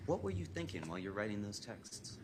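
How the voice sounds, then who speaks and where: A man's voice: lowish voice, very animated, fairly quick. A man working as an attorney in a courtroom, questioning a witness methodically. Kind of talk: courtroom examination. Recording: noisy courtroom audio.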